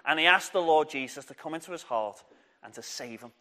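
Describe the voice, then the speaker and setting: A man telling a Bible story to children at church, lively and encouraging, getting the audience to shout along. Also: fairly high pitch, brisk. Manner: lively, encouraging, draws the crowd in.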